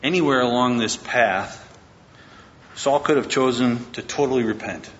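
A man's voice: moderate pace, a bit bright. A man preaching a sermon, retelling a Bible story in a conversational way and acting out the characters' lines. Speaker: pastor. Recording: echoey lo-fi hall recording with faint rumble.

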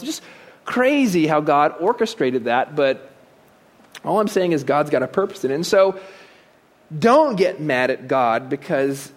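A man giving a conversational sermon, asking rhetorical questions and dropping joking asides. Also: on the high side. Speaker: preacher.

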